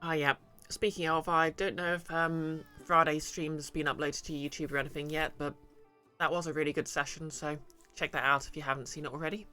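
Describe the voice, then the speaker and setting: A man's voice: a little high, little pitch movement, fairly quick, pushed and bright, clear, resonant tone, soft background music. A man streaming a game, chatting wryly and reading out messages from chat. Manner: chatty, wry, reads chat aloud. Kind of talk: casual game stream commentary.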